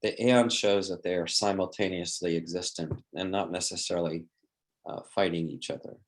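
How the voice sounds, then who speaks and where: A man's voice: deep voice, steady tone, normal speed. A man leading a training lecture, explaining in a thoughtful way and acting out example phrases, often restarting his sentences.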